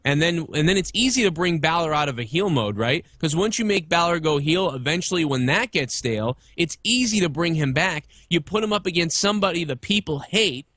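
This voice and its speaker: A man in his thirties in loose, opinionated wrestling chat. His voice sits a bit high, and the room around him is dry and close, with no echo. He rambles and swears freely. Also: lively intonation, fairly quick, hardly any pauses, fairly bright tone. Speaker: podcast guest. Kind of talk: casual wrestling talk.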